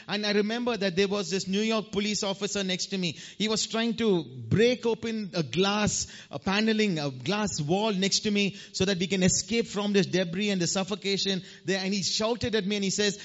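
A man preaching a personal testimony sermon, impassioned, repeating phrases and swinging between shouting and hushed speech. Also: high voice, brisk, few pauses. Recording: dull lo-fi sound.

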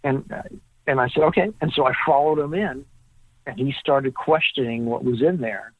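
Male guest storyteller, animated, plays out the dialogue; tinny, dry phone-line audio. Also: mid-range voice, moderate pace, slightly rough, no echo. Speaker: guest author. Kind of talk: storytelling in a podcast interview.

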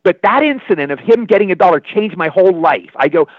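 An older man from Maryland spins rambling, digressive stories as an interview guest. His voice sits high and rushes along at a quick pace. The sound is dry and slightly muffled. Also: no room sound. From Maryland, USA. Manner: animated, rambling, digressive, repeats himself. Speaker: guest actor. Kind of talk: anecdotal storytelling. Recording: dull lo-fi sound.

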